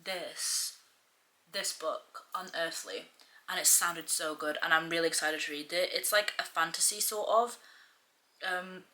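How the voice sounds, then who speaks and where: A woman's voice: on the low side, fairly even intonation, measured pace, sharp tone. A young woman chatting casually in a reading vlog, rambling with lots of "like" and restarts. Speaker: book vlogger.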